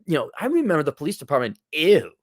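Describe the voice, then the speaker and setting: A male podcast host giving advice in a blunt, sarcastic monologue at a middling pitch. He speaks close to the mic in a dry, dead sound. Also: moderate pace, no room sound.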